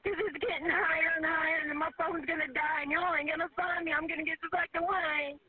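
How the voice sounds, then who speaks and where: A woman's voice: extremely high pitch, fairly even intonation, brisk. A woman, panicked and crying as she pleads with a 911 operator. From United States. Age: 40s. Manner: pleading, breathless nervous laughter. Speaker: 911 caller. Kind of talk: emergency phone call. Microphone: phone. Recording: tinny phone line.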